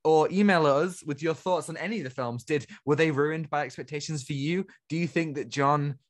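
A man's voice: on the high side, moderate pace. A man co-hosting a film podcast in casual chat, teasing his partner and laughing often. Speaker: podcast co-host.

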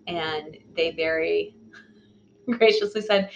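A woman's voice: lowish voice, measured pace, muffled recording, a little hiss or hum. A middle-aged woman from the San Francisco Bay Area, a podcast guest telling her story in a candid, wry way with frequent laughs. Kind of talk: casual interview storytelling.

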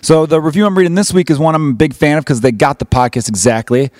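A man's voice: on the high side, quick pace, a little mellow, no room sound. Chicago man hosting a podcast: loose, profane, joking, recorded dry and close. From United States. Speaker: podcast host. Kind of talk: casual podcast chat.

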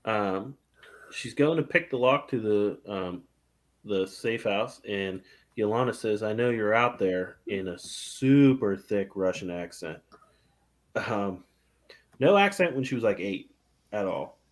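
A man hosts a casual chat show and walks through a film recap from his notes. His voice sits a little low, and he leans on sarcasm and blunt swearing. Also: lively intonation, takes it slowly. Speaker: podcast host.

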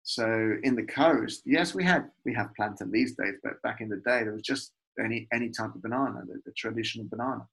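A middle-aged man from Peru, a guest telling animated, heartfelt stories about family cooking. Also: medium pitch, brisk, hardly any pauses, slightly rough, poor audio. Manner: warm, animated storytelling about food. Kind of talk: casual conversation.

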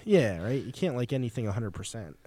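A man's voice: mid-range voice, sing-song, a little fast, crowd noise. Profane ranting man on a podcast. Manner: profane, ranting, laughs often. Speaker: podcast co-host. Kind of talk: casual crude banter.

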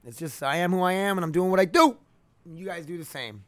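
A young man speaks fairly quickly in a high-pitched, expressive voice as he hosts his solo podcast at home near the laundry room. The podcast-mic recording is dry, and his monologue is rambling, candid, and heavy on swearing.

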